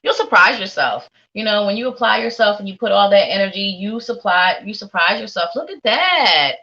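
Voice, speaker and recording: A woman reads tarot on a live stream and talks straight to her viewers in a warm, rambling way, repeating her words as she goes. Her voice is bright and a touch tense. The audio sounds a little dull and lo-fi. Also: medium pitch, brisk. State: sleepy. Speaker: psychic tarot reader.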